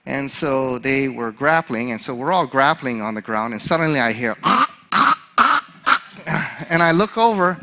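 Bright-voiced animated male preacher. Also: medium pitch, unhurried. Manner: animated storyteller, laughing at his own story. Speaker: chaplain. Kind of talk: sermon with a personal story.

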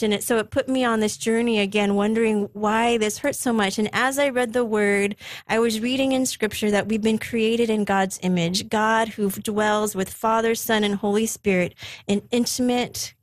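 A mother in her forties sharing a personal faith story in conversation, gently teasing her son. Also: on the high side, steady tone, moderate pace, dry recording. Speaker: guest, mother of a sick teen.

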